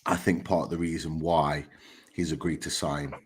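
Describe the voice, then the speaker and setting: A man's voice: rumbling low, flat delivery, normal speed, a little hiss or hum. A man hosting a casual football podcast, chatty and enthusiastic with lots of fillers. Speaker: podcast host.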